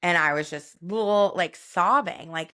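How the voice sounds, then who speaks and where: A woman with a slightly low voice shares a personal family story as a podcast co-host. She speaks softly and reflectively, with plenty of casual fillers between her thoughts. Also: unhurried. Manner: soft and reflective, with many fillers like "like" and "you know".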